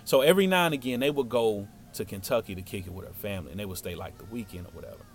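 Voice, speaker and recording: A man telling a story from his childhood in a casual, slangy, animated way. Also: on the low side, very fast.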